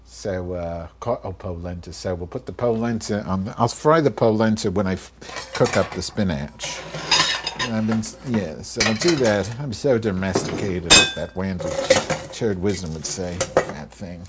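A man's voice: sits low, normal speed, heavy background noise. A man in his fifties hosting a solo podcast while he cooks at home, rambling, swearing and getting sidetracked with muttered asides. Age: 50s. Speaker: podcast host. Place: home kitchen.

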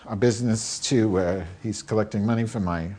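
A man's voice: fairly low pitch, normal speed, mellow, slightly rough. A man in his fifties hosting a solo podcast while he cooks at home, rambling, swearing and getting sidetracked with muttered asides. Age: 50s. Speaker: podcast host. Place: home kitchen.

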